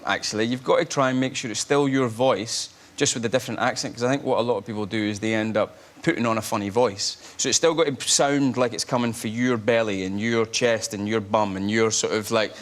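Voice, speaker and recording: A man with a Scottish accent, a guest actor chatting in a lively, joking way with restarts. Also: fairly low pitch, brisk, hardly any pauses. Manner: animated, jokey, rambling with restarts. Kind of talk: chat show interview. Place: TV studio.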